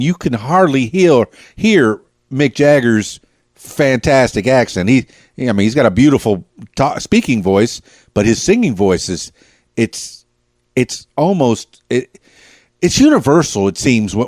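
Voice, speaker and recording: A man's voice: mid-range voice, a little mellow, no echo, studio quality. A man hosting a podcast interview, asking long, rambling questions with enthusiasm. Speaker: podcast host. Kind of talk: casual interview.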